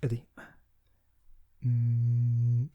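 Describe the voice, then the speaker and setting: A man's voice: medium pitch, monotone, drawn-out words, lo-fi sound. A man co-hosting a podcast in casual chat, joking around and breaking into song. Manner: jokey, bursts into song. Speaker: podcast co-host. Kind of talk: casual chat with singing bits.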